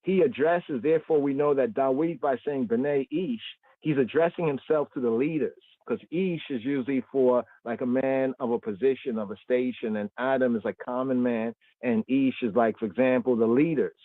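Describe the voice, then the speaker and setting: A man teaching a Bible study on a livestream, slow and deliberate, repeating words and often checking in with "right?". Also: medium pitch, no room sound. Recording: tinny phone-line sound, dry.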